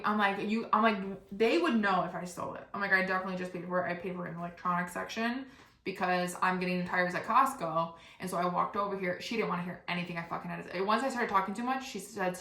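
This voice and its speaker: A young woman hosting a podcast, telling a comic story in a rapid, animated, casual way, swearing often and acting out what others said. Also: fairly low pitch, reverberant. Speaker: podcast host.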